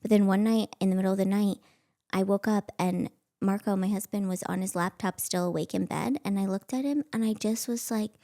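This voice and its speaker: A woman's voice: medium pitch, steady tone, fairly quick, mellow. A woman in her thirties hosting a podcast, telling a story in a chatty, self-mocking way with plenty of filler words. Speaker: podcast host. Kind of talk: casual storytelling.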